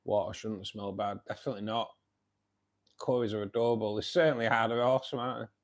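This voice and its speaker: A man's voice: on the low side, steady tone, quick pace. Chatty Mancunian man hosting a live stream. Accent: Northern English, Manchester. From England. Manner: friendly, chatty, calls viewers mate. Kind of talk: casual live chat reading viewer comments.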